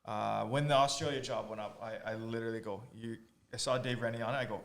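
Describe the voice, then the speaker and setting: A man's voice: fairly low pitch, fairly even intonation, quick pace, creaky. A man, a rugby coach as guest, explaining in casual chat, often restarting his sentences.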